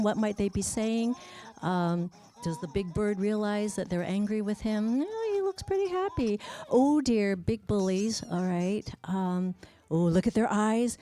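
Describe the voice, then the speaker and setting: A woman speech-language pathologist giving a parent education class, narrating a video with lively exclamations. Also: medium pitch. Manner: animated, exclaiming while narrating a video for kids.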